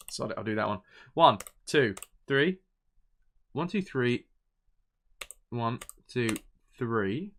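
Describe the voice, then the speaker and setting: A man's voice: medium pitch, pushed and bright. A man, chatting casually on a live game stream, thinking aloud and reading out viewer messages.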